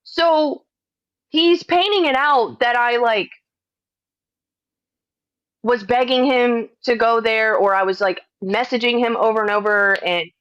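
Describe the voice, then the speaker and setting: Woman, livestream chat, exasperated, swears a lot, halting restarts, dull cheap mic. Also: fairly high pitch, fairly bright tone, no echo. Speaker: streamer responding to accusations. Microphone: cheap microphone.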